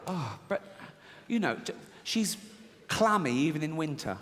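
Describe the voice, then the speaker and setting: Sardonic comedian on a live stage. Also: male voice, a little high, big pitch swings, slow, pauses often. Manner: sardonic, profane, mock-outraged asides and acted-out dialogue. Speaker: stand-up comedian. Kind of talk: stand-up comedy routine. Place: theatre stage before a live audience. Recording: live hall recording with reverb and faint noise.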